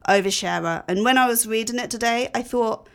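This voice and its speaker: A woman's voice: fairly high pitch, a little fast, creaky. A woman hosting a live radio talk show in a studio, chatting and giggling as she tells stories. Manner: chatty, giggly, animated storyteller. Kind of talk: casual chat.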